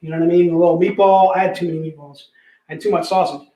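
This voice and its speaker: A man hosting a live comic book sale, pitching deals in energetic, repetitive, joking hype talk. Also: racing. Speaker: host selling comic books. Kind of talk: live online sales pitch. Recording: echoey room.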